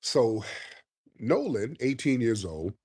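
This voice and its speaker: A man hosting a casual live stream while hoarse from a cold, talking in slang and calling out to his viewers. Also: medium pitch, very animated, takes it slowly, a little mellow. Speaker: livestream host. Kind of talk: casual livestream commentary.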